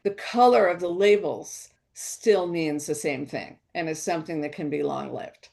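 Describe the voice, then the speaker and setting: A woman's voice: sits low, normal speed, creaky, a little mellow. A woman giving an educational wine talk, explaining in a chatty way with restarts.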